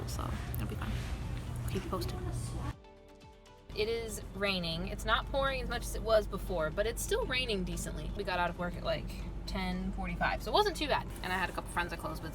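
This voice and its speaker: A woman in her twenties casually telling stories from her day to the camera, chatty and quick to laugh. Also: lowish voice. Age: 20s. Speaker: vlogger. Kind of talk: casual storytelling vlog. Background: music.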